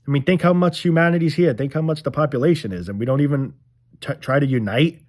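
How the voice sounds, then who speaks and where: A man's voice: a little high, fast talker, a little mellow. A young man ranting casually to his viewers, frustrated and rambling, swearing often and repeating himself. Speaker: vlogger. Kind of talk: casual rant to camera.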